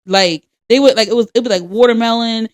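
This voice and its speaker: A young woman co-hosting a podcast, telling stories with lots of swearing and animation. Her voice sits a little high, and the sound is close and dry. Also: quick pace, dry recording. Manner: animated, profane storytelling. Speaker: podcast co-host. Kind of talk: casual chat.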